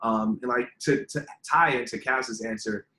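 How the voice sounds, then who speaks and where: A man at middle pitch talks through his answers earnestly, circling back with lots of fillers as he works toward his point. His voice carries a noticeable room echo, as if recorded in an open space. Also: moderate pace, sharp tone. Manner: earnest, rambling, many fillers. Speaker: relationship content creator, guest. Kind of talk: casual interview answers. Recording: roomy echo.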